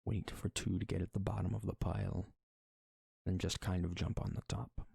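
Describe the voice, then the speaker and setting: A man's voice: deep voice, little pitch movement, moderate pace, creaky, a little mellow, slightly rough, dry recording, studio quality. A man narrating as game master, talking loosely with many fillers and restarts.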